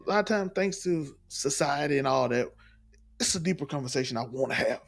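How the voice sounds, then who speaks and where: A husky-voiced man talks through his opinion in a long monologue. He speaks fairly high and with emphasis, often circling back to repeat his main points. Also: expressive, brisk. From Mississippi, US. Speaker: commentator in clip.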